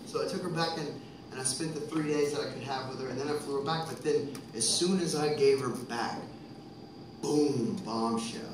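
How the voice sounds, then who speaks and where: A musician in his thirties from Texas rambles through a lengthy, foul-mouthed story on stage between songs, growing heated in front of a live audience. He speaks at a moderate pace with a medium-pitched voice, and the room is noisy. It's a distant, echoey concert recording picked up through a stage microphone.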